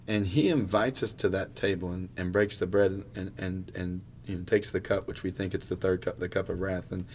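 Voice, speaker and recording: A man's voice: low-pitched, fairly even intonation, brisk, darkish tone, a little hiss or hum. A male pastor in a casual conversation, speaking earnestly and often repeating words as he works through a thought. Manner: earnest, stumbles and repeats words while thinking aloud.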